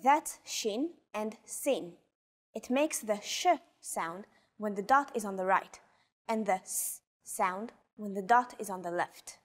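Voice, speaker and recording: A woman co-hosts a language lesson and models each sound for learners to copy. She speaks very slowly and enunciates every syllable. Her pitch sits in the middle range. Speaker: native speaker co-host modeling pronunciation. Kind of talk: slow, careful pronunciation demonstration.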